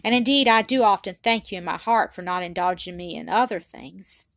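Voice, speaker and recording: A woman's voice: fairly low pitch, fairly quick, vocal fry, fairly bright tone, no room sound, studio quality. Woman doing an eager, obedient little girl. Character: meek, devoted little Victorian girl.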